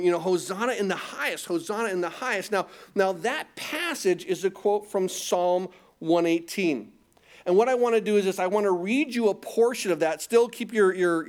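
A man preaching a sermon, reading scripture aloud and explaining it, often asking his listeners rhetorical questions and repeating words as he goes. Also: sits high. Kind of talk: expository sermon.

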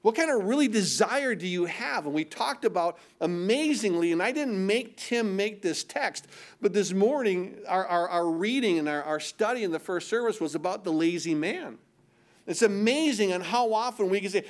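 A man with a high voice preaches a sermon. He keeps asking his listeners if they understand, and he repeats his phrases. He slips into quoted voices as he acts out the people in his stories. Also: expressive, normal speed. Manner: repetitive, rhetorical questions, acts out voices. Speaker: pastor.

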